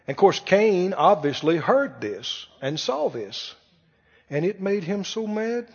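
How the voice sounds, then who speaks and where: A man preaching a sermon, animated and full of rhetorical questions to the congregation. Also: high voice, slow, breathy edge. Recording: muffled sound with long hall reverb.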